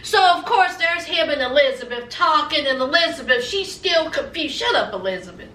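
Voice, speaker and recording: A recap vlogger gives a sassy, gossipy rundown of a reality show, acting out the cast's lines in casual TV commentary. Her voice is high, animated, bright and forceful at normal speed, recorded in an echoey room with the mic at a distance.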